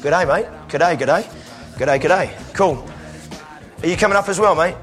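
A man preaching an energetic sermon in church, calling volunteers up and sometimes breaking into shouts. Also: fairly high pitch, brisk, faint music behind. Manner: energetic, calls out to the crowd, bursts into shouts.

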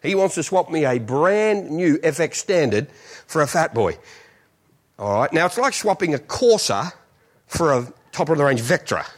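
Man, pastor, comic sermon, self-mocking, laughing, lively pitch. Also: normal speed. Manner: animated, self-mocking, laughs through lines.

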